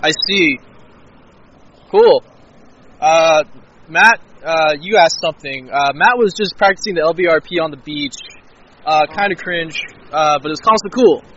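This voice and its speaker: Hesitant, bright-voiced male interviewer. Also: on the high side, a little slow, highs cut off, a little hiss or hum. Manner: hesitant, many "uh" fillers. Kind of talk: casual outdoor interview. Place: outdoors.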